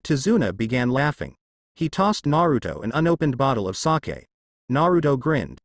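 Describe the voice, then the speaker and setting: A man narrates a fan story in a steady storytelling way, his voice at a middle pitch that moves up and down a great deal. The sound is close and dry, with no room around it. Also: normal speed, dry recording. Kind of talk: reading a fan story aloud.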